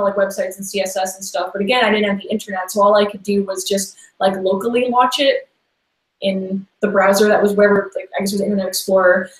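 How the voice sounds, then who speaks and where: A woman guest in a casual interview, talking in a rambling, chatty way with lots of "like" and restarts. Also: mid-range voice. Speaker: podcast guest. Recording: echoey room sound.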